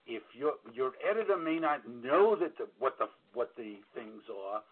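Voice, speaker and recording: A man's voice: medium pitch, very animated, moderate pace, slightly rough. A blunt man with a New York accent gives straight-talking advice as an auditor on a call-in broadcast. He talks plainly, trips over fillers and restarts, and doesn't sugarcoat anything. His voice comes through thin and tinny, like radio over a phone line. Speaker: book royalty auditor.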